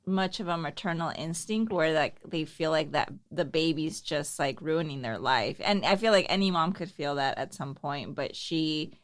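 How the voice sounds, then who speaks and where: A woman's voice: low voice, normal speed, hardly any pauses, dry recording, clean studio sound. A woman co-hosting a movie podcast, speaking frankly and emphatically in casual chat. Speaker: podcast co-host.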